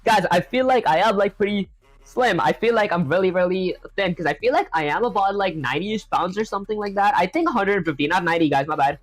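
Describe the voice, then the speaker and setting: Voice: mid-range voice, quick pace. A live-streaming programmer talking casually while coding. The streamer often calls the viewers "guys" and laughs off their own small mistakes. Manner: chatty, filler-heavy, self-deprecating, addresses chat as "guys".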